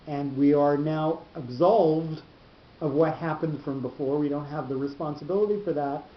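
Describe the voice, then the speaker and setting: A man leads a Torah class with a slightly high voice, explaining step by step and often repeating words as he gathers his thoughts. The room is echoey, the sound is dull, and a faint rumble sits underneath. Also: moderate pace.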